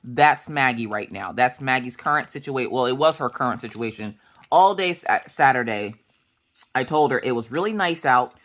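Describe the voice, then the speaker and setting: A woman's voice: a bass voice, animated, moderate pace, fairly bright tone. A woman in her thirties chatting casually while she crafts, rambling through family stories and acting out the dialogue. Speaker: crafting vlogger.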